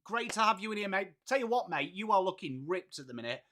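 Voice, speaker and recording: An Englishman in his late thirties hosts a live stream, talking fast in a high, bright, pushed voice with lively intonation. He chats casually, greets viewers by name and calls everyone mate.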